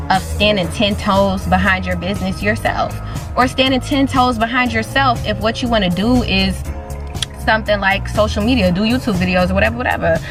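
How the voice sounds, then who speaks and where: A woman giving an urgent, slangy motivational pep talk. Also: mid-range voice. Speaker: motivational speaker. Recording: voice over loud background music.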